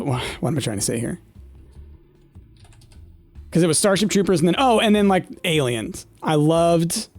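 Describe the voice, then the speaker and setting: A man's voice: fairly high pitch, darkish tone, no room sound. Chatty man rambling over game music. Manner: rambling, nostalgic, many fillers. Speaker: gaming streamer. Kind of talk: casual chat while playing. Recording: dry close mic with faint game music.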